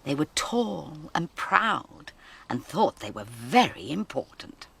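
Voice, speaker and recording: A woman presenting a children's programme, telling a story to young children in a gentle, sing-song way. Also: sits low, big pitch swings, slow, gravelly, slightly rough.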